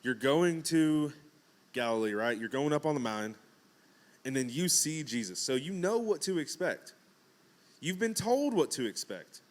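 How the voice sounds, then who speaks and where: A man's voice: a little high, very animated, moderate pace. A man preaching a casual, conversational sermon, acting out quotes with jokes and asides. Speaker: pastor.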